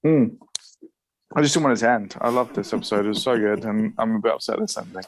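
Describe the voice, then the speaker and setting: A man's voice: lowish voice, fast, slight background noise, low-quality recording. A man co-hosting a film podcast, making wry jokey asides in casual chat. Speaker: podcast co-host.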